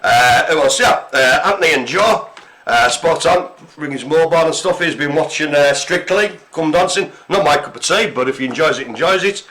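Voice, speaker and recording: A man's voice: fairly high pitch, moderate pace, bright, forceful tone. A man co-hosting a live broadcast, telling jokey stories in casual chat with plenty of fillers. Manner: chatty, jokey storytelling with fillers. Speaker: co-host of a live care-centre broadcast.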